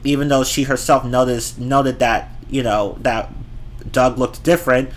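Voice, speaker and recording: A man's voice: medium pitch, steady tone, measured pace. A man giving a ranting movie review, exasperated and profane, often repeating and restarting his words.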